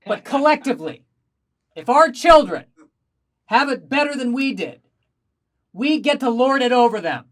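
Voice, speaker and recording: A man doing a stand-up comedy set, telling animated stories with self-deprecating asides, performing remotely over a video call. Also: very high-pitched, normal speed, pauses often.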